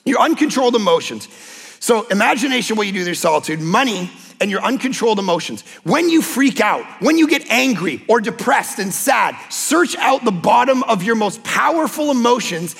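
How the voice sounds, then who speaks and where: A man preaching a sermon as a pastor, impassioned and emphatic, sometimes breaking into shouts. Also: high-pitched, sing-song, moderate pace, gravelly, slightly rough, long reverb tail, soft background music. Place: church sanctuary.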